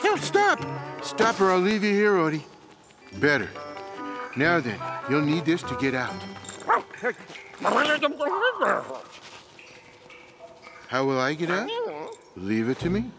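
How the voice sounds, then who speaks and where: A man's voice: fairly high pitch, sing-song, moderate pace, long pauses. A man voicing a lazy, sarcastic adult male house cat in a cartoon, with a dry, self-satisfied manner. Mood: smug. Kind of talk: cartoon voice acting. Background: cartoon background music.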